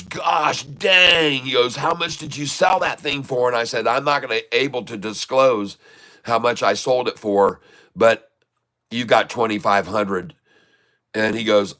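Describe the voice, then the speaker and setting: A man's voice: fairly low pitch, sharp tone. A middle-aged man casually telling rambling anecdotes, acting out quoted dialogue and laughing as he goes. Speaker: trading channel host. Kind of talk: casual storytelling.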